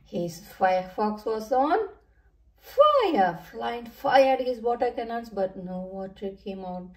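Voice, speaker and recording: A woman reading a children's storybook aloud in an animated, sing-song way. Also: medium pitch, measured pace. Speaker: children's book reader. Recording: roomy, from a distance.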